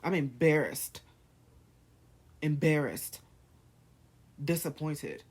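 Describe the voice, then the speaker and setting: A man's voice: a little high, lively intonation, takes it slowly, gravelly, slightly rough. A man vlogging, firing off heated rhetorical questions in a rant to camera. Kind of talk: ranting to camera.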